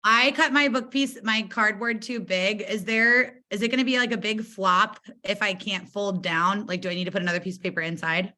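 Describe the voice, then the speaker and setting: A woman's voice: medium pitch, fairly even intonation, moderate pace, hardly any pauses, pushed and bright. A woman taking part in an online workshop, asking a hesitant question over a video call. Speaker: workshop participant.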